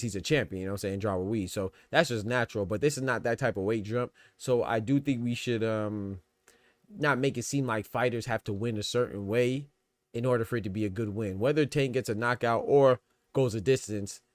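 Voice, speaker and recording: A man's voice: fairly low pitch, dry recording. Man casually talking boxing, dry sound. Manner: conversational, repeats fillers like "you know what I'm saying", restarts words. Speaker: boxing podcast host. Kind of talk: casual livestream commentary.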